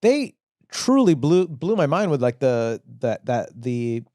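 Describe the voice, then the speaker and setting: Comedy podcast guy, man, rapid and bouncy, all over the place with his pitch, mocking himself, dry room. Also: dry recording. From Southern California. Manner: animated, self-mocking, jumps into silly voices. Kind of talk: casual comedic banter.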